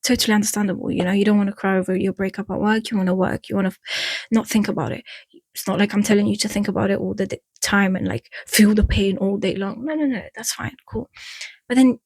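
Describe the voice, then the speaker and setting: Speaking at a quick pace in a steady tone, a woman with a mid-range, darkish voice and a breathy edge is recorded with no room sound. Her casual vlog is direct-to-camera breakup advice, frank and chatty, delivered in an Eastern European accent as she drifts off topic and laughs at herself.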